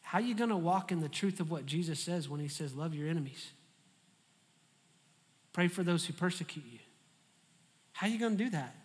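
A man preaching a sermon as a pastor, animated and humorous in how he tells the story. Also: high-pitched, fast, big-room sound.

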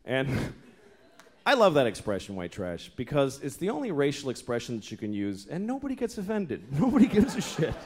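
A thirty-something comic works a club crowd with profane, exasperated tales, voicing each character himself. His mid-range voice swings hugely in pitch, runs a little fast, and sounds a bit mellow. Laughter and faint noise come through on this live recording.

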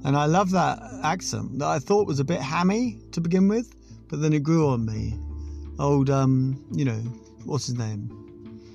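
A man's voice: on the high side, a little slow, creaky, a little mellow, highs cut off, soft background music. A man hosting a casual solo podcast, rambling and swearing and laughing at his own jokes. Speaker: podcast host.

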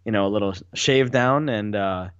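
A man who is a guest on a podcast, chatting casually in a relaxed, teasing way. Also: fairly low pitch, moderate pace, clean tone, dry recording. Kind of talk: casual chat. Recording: dry, dull lo-fi sound.

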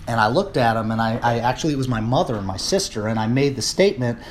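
A man from the United States delivering a political rant on his vlog, rambling with many fillers and restarts and rising into indignant shouting. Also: medium pitch, lively intonation, fast, a little hiss or hum. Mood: measured. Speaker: political commentator.

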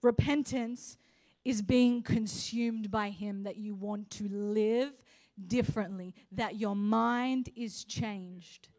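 A young woman preaching a sermon, telling a personal story and building to passionate, loud exhortation. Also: mid-range voice, steady tone, takes it slowly. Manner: impassioned, rising to loud exhortation.

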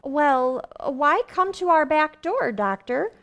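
A woman's voice: sits high, lively intonation, slow pace, a bit bright, full character voice. An actress playing a cheerful, kindly young wife and mother in a 1940s radio drama, sweet and friendly.

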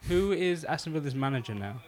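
A man as a podcast guest, deadpan and dry, rattling off facts in casual chat. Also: on the high side, background noise. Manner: deadpan, quick with trivia.

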